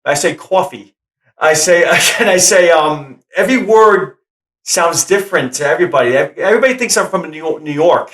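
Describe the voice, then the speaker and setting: A man's voice: fairly high pitch, lively intonation, fairly quick, fairly bright tone. A man with a Rhode Island accent, an actor chatting as an interview guest, rambling and repeating himself with frequent laughs. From Rhode Island, USA. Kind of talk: casual interview chat. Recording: roomy echo.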